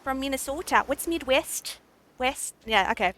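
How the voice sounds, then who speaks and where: A woman's voice: a little high, normal speed, a little hiss or hum. A woman streaming a dating game, reading the lines aloud and reacting with giggles and silly attempts. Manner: giggly, excitable, trying out silly accents.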